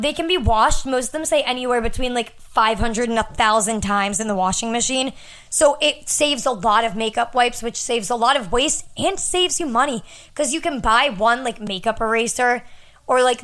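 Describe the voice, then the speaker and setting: A woman's voice: a little high, a bit bright. A woman co-hosting a casual podcast, rambling and filler-heavy, close to the mic. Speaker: podcast co-host. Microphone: close studio mic.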